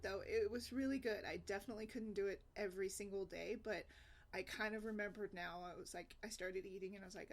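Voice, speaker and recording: Woman vlogger, chatty storyteller, loose and rambling, quick to laugh. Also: medium pitch, fairly even intonation. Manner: chatty, rambling, laughs often, many fillers. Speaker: single mom blogger. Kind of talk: casual personal storytelling.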